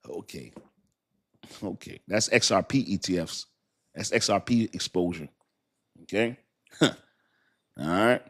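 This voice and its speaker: A man's voice: low-pitched, expressive, takes it slowly, long pauses, a bit bright. A man hosting a casual crypto livestream, talking straight to his viewers in a rambling, slangy way, laughing often and poking fun at himself. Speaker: crypto channel host.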